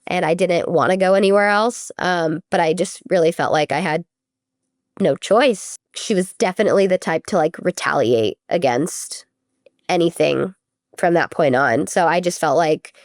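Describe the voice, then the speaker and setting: A young woman with a fairly low voice tells her story in a chatty, casual way. She leans on filler words and acts out what others said. The sound is dry and close. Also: moderate pace, dry recording. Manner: chatty, many "like" fillers, acts out quoted speech. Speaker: former college gymnast, guest.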